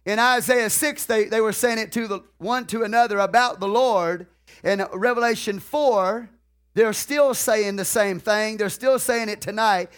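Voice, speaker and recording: A man preaching a sermon, repeating key phrases in a drawn-out, deliberate way and putting questions to the congregation. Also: high voice, a bit bright, clean tone.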